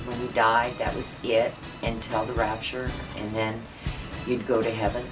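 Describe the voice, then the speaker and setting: A woman's voice: very deep voice, little pitch movement, moderate pace. A middle-aged woman being interviewed, earnestly telling a personal ghost story with many fillers. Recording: voice a bit far from mic, faint music.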